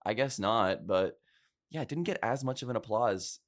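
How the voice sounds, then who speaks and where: Earnest, low-voiced young man podcasting. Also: moderate pace. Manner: earnest, animated, gets choked up with feeling. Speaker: podcast co-host. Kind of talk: casual chat.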